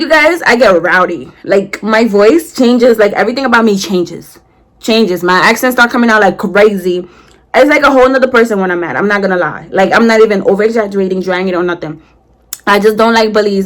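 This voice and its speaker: Young woman doing a storytime vlog, slangy, animated, acts out the heated parts. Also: medium pitch, a little fast. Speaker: vlogger. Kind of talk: casual storytime while doing makeup.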